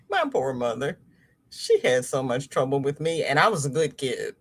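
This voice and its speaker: A woman's voice: very deep voice, normal speed, breathy edge. A middle-aged woman hosting a casual crochet livestream, chatting with viewers, telling stories and laughing often. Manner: animated storyteller, laughs often. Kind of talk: casual livestream chat, reading viewer comments.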